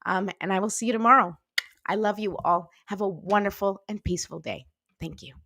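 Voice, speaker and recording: A woman's voice: mid-range voice, brisk. A woman hosting a daily self-help show, talking casually and encouragingly to her viewers, often checking in with "right?". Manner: warm, chatty, lots of "right?" and "you know". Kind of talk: casual motivational talk to viewers.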